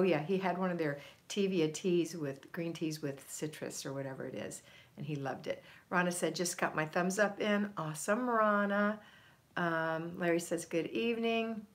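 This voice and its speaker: A middle-aged woman hosting a casual livestream, chatting warmly and greeting her viewers one by one by name. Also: lowish voice. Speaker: host.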